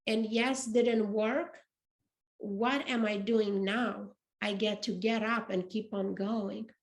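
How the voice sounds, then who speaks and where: A woman's voice: mid-range voice, steady tone, slow. A middle-aged woman with a non-native English accent, hosting a podcast as a casual motivational monologue, earnest and reflective, often repeating and restarting phrases. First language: not English. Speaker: podcast host. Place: apartment.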